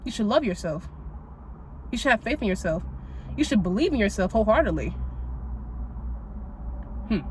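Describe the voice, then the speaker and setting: At a moderate pace with frequent pauses, a very animated woman in her twenties speaks in a medium-pitched, darkish voice as host of a casual spiritual podcast. She's blunt, profane and sassy, using lots of "like" fillers, and there's a little hiss or hum.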